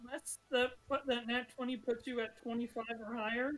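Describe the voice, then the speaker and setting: A woman runs the table as game master with a fairly high voice. She narrates in a loose, chatty way, with fillers and frequent giggles. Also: level tone, fairly quick, rough recording. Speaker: dungeon master.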